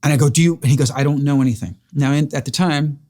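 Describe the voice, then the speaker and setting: A man's voice: on the high side, fast talker, a little mellow. A man earnestly recounting a personal story in a casual chat, acting out the dialogue. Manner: earnest, emotional, re-enacts dialogue. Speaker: interviewer.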